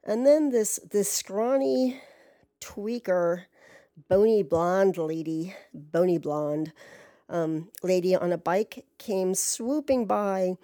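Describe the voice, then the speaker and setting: Woman, casual storyteller, profane, rambling asides, mellow voice, dry close sound. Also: mid-range voice, no echo. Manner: chatty, profane, many fillers and asides. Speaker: podcast storyteller.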